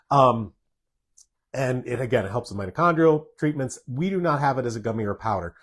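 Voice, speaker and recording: A man's voice: medium pitch, expressive, brisk. A man, a doctor, answering viewer questions in a live Q&A, plainspoken and direct as he reads each question aloud and responds. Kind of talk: live Q&A reading viewer comments.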